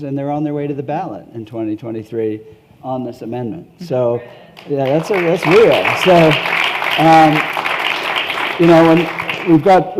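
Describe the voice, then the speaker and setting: Man telling stories on a panel. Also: medium pitch. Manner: animated storytelling with chuckles. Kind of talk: conference panel talk. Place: hotel ballroom.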